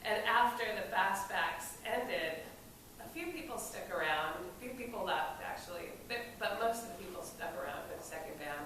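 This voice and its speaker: A woman telling a casual, lively story at an event, swearing and laughing as she goes. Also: medium pitch, normal speed. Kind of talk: casual spoken anecdote. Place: event space during a film screening. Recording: echoey room from far off, noisy.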